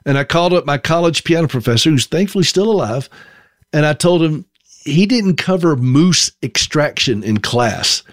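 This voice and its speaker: A man's voice: a little high, animated, moderate pace, no room sound, clean studio sound. A man in his fifties from South Carolina with a Southern accent, telling humorous, self-deprecating stories in a folksy monologue. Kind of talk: storytelling monologue.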